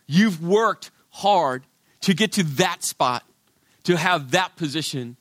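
A middle-aged male pastor preaching a sermon, his delivery swinging from loud, emphatic lines to hushed, quiet ones. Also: sits high, no echo, clean studio sound.

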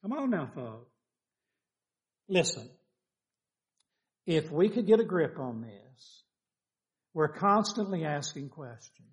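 Older male preacher, folksy sermon delivery, animated and questioning, a touch higher-pitched than most men. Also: takes it slowly, pauses often.

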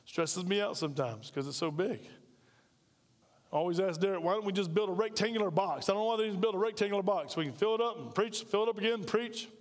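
This American man's voice sits high as he preaches in a large hall. Speaking as pastor in a conversational way, he gets his congregation in a big church calling back to him.

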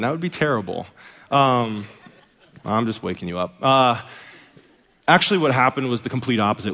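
A man's voice: mid-range voice, fairly bright tone. A man preaching a sermon as a pastor, telling a story with humor. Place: church sanctuary. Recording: echoey hall reverb.

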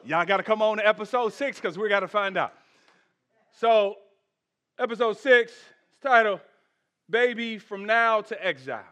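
Male pastor, high bright tenor, animated sermon, shouts and quiet jokes to the congregation. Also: moderate pace. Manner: animated preaching, swings from shouted peaks to soft asides; humorous, conversational asides to the congregation.

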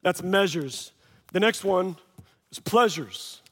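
High-voiced male pastor in reverberant hall. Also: animated, takes it slowly, slightly rough. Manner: conversational, passionate preaching with frequent fillers. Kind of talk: sermon. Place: church sanctuary.

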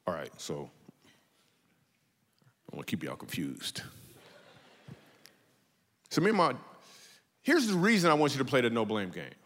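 Male preacher, mid-pitched, loose and funny, church hall with long reverb. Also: measured pace, pauses often. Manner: conversational, joking, animated storytelling. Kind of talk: comedic church sermon.

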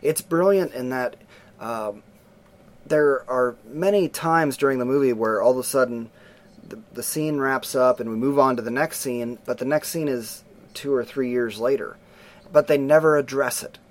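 A middle-aged man chatting casually as a podcast co-host, telling a film's scenes with lots of acted-out voices. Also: mid-range voice. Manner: animated storyteller, acts out scenes in voices. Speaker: podcast co-host reviewing a film. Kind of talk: casual chat.

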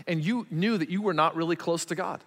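High-voiced preaching man in a reverberant hall. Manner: animated preaching, swings from loud emphatic to quiet and slow. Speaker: pastor. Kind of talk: sermon.

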